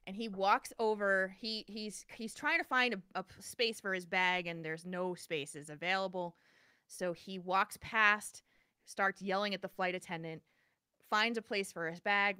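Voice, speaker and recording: A woman co-hosting a podcast, telling a personal story in a casual, animated way with many restarts. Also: medium pitch, normal speed, clean tone, dry recording, clean studio sound. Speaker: podcast co-host.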